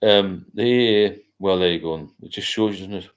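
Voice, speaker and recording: Very deep-voiced older man. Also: normal speed. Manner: rambling, reads out viewer comments. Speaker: livestream host. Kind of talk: casual late-night livestream chat.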